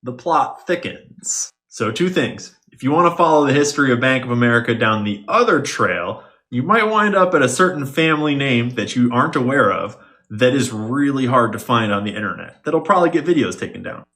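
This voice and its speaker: A man's voice: mid-range voice, lively intonation, a little fast, fairly bright tone. A man giving an explainer monologue as an online commentator, with a wry, conspiratorial manner and sarcastic asides.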